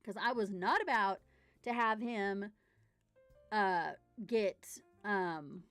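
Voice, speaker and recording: A woman, chatting casually while unboxing model horses, telling stories and getting loud and excited. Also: medium pitch, takes it slowly, no room sound, faint music behind. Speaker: model horse collector vlogger.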